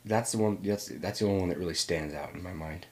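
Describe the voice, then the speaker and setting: A middle-aged man from Northern California, being interviewed and reflecting in a halting, thoughtful way. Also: deep voice.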